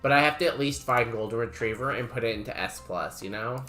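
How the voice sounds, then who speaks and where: A man streaming a game, chatting casually and musing aloud in a wry, unhurried way. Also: mid-range voice, sharp tone, soft background music. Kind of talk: casual livestream chat.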